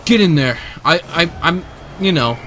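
A man giving casual live commentary over his own gameplay, excitable and quick to burst into shouts and repeated cheers, speaking close to a desk microphone. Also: on the high side, a little hiss or hum. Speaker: gamer and video creator. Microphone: desk microphone, sitting close.

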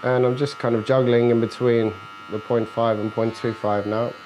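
A man's voice: mid-range voice, moderate pace, a little hiss or hum, poor audio. Barber explaining cuts as he works. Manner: relaxed, instructive, joking with his client. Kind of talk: narrating a haircut while working. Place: barbershop, indoors. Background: electric clippers buzzing.

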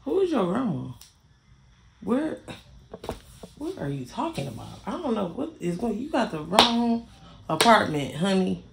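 Gravelly, lively woman ranting a storytime. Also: medium pitch, unhurried, pauses often, a little hiss or hum. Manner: blunt, heavily profane, repeats herself for emphasis. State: irritated. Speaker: vlogger telling a story. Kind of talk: casual storytime rant.

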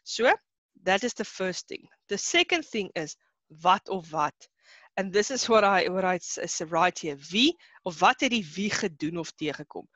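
A young woman with a South African accent teaching an online class, chatty and quick to laugh, mixing in Afrikaans words. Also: mid-range voice, lively intonation, fairly bright tone, no room sound.

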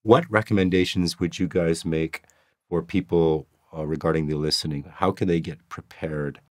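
Very deep-voiced male podcast host. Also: fairly even intonation, moderate pace, a little mellow. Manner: friendly, prompting questions, affirming answers. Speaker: podcast host interviewing test takers. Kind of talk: casual interview.

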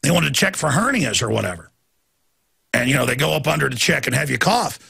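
With a mid-range, sing-song voice full of vocal fry, husky but pushed and bright, this radio talk show host talks fast. His heated monologue is an emphatic rant that keeps jumping between stories.

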